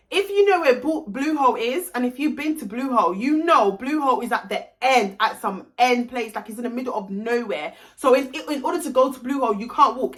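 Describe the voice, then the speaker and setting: A young woman telling a heated storytime, animated and swearing freely. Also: on the high side. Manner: animated, heated and expletive-laden. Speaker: vlogger. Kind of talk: storytime vlog.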